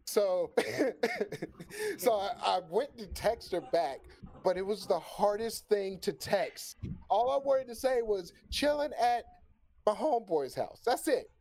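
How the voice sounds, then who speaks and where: Male storyteller, slightly high pitch, animated and profane, plays out the dialogue of his own anecdote. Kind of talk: casual storytelling on a stream.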